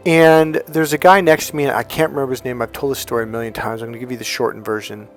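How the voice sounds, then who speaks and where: A man's voice: medium pitch, steady tone, fast, faint music behind. Blunt, profane male dating coach. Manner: blunt, profane, acts out quoted voices. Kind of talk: casual storytelling monologue.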